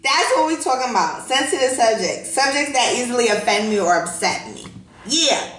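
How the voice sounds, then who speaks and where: Bright-voiced, profane woman in her thirties. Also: a little high, moderate pace, reverberant, slight background noise. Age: 30s. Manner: profane, laughing, animated storytelling. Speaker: podcast host. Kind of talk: casual unfiltered monologue.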